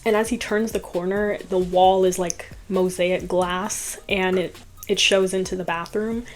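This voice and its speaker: A woman's voice: on the low side, fairly even intonation, a little slow. Chatty woman recapping a movie. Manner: chatty, laughs often, filler "like". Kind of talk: casual storytelling recap.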